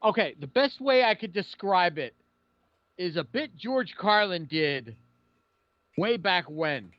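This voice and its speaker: A man's voice: sits high, big pitch swings, takes it slowly, no room sound. A man hosting a casual podcast, telling stories and sharing blunt opinions with some swearing. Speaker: podcast host. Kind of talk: casual profane talk. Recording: dry, slightly dull sound.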